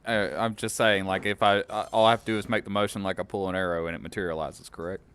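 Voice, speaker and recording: A man's voice: fairly low pitch, little pitch movement, quick pace, a bit bright, clean tone. A man playing a tabletop game, speaking hesitantly with many fillers. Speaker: player. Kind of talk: tabletop role-play.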